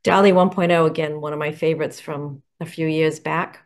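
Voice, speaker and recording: Enthusiastic woman educator, lowish voice. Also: fairly even intonation, brisk. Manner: enthusiastic, explanatory, poses questions. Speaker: educator presenting picture books. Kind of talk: instructional talk to teachers.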